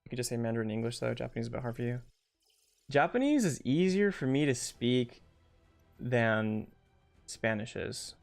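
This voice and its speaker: A young male streamer talks casually while he plays, trading remarks with his viewers. His voice sits at an ordinary middle pitch, and his speech is loose and full of fillers. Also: sing-song, moderate pace, creaky, soft background music. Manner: chatty, answers viewers' questions between rounds with many fillers. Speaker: game streamer. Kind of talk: casual live-stream chat while gaming.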